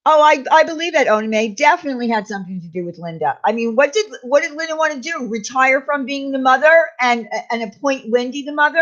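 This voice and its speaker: A high-pitched woman vents her anger on her own channel, throwing out sarcastic questions and repeating names with indignation. The sound is muffled and lo-fi. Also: animated, brisk, few pauses, a bit bright. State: angry. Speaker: YouTube commentary host. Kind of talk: angry ranting commentary.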